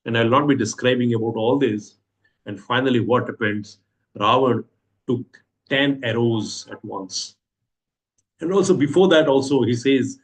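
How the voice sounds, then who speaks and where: Indian guy telling a scripture story in class, keeps asking what happens, lots of uh's, middle pitch. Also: a little slow. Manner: repeats rhetorical questions, hesitant fillers.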